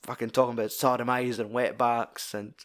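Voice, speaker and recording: A man's voice: medium pitch, little pitch movement, a little fast, fairly bright tone. A Scottish man in casual film-discussion chat, swearing freely as he retells scenes with animation.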